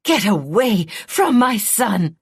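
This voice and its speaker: A woman voicing a weakened, furious young princess who screams herself hoarse. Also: medium pitch, sing-song, slow pace, no echo, clean studio sound, voice pushed up, heavily acted. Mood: enraged screaming.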